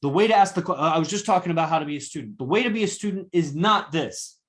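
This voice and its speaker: A man's voice: a little high, lively intonation, fast, hardly any pauses, a bit bright. A man giving a live classroom lecture, confrontational and profane as he berates a student.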